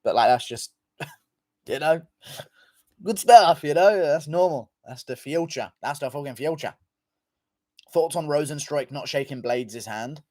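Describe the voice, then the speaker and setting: A man's voice: medium pitch, lively intonation, a little slow, long pauses, darkish tone, no room sound. A man hosting a casual livestream, reading viewer comments in a loose, offhand manner and swearing freely. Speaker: livestream host.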